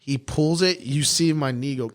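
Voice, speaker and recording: A man's voice: on the high side, normal speed, crowd noise. Young man telling stories, swearing freely. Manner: swearing storyteller, laughs often. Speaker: podcast host. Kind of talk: casual chat.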